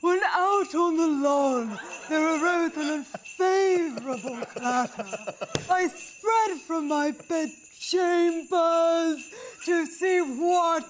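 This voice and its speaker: A woman's voice: very high-pitched, slow pace, a little hiss or hum, poor audio. A woman doing a comic impression of a stern older British stateswoman, reading a holiday poem in a grand, clipped, proclaiming way.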